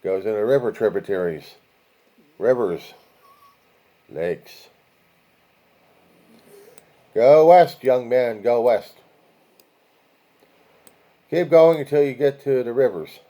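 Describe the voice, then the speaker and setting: A man's voice: medium pitch, unhurried, pauses often, muffled recording. A man hosting a casual video, talking viewers through a map in a rambling way, with profane asides and chant-like lists of places. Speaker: video host.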